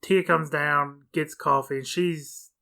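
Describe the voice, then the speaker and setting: A woman's voice: low-pitched, steady tone, takes it slowly, vocal fry, bright, forceful tone. A woman in her thirties co-hosting a podcast, retelling a film's plot in casual chat and laughing often. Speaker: podcast co-host.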